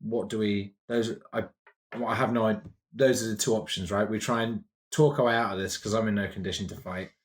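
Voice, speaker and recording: A man playing a tabletop game who thinks aloud over his options in a low voice. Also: steady tone, fairly quick. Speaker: player.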